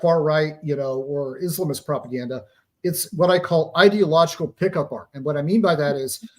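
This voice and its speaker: A man with a fairly high voice speaks as an interview guest. He explains in a steady, lecturing way and leans on pop-culture comparisons to make his points. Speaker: guest author on psychological operations.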